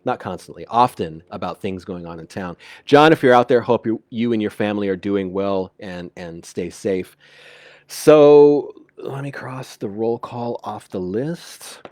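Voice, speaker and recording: A man's voice: on the low side, dry recording, clean studio sound. A man hosting a live local community radio show, chatting casually, stammering and restarting as he reads out listener comments. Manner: stammering, frequent fillers and restarts; reads out listener comments and gives shout-outs. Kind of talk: live call-in community chat. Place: at a home computer.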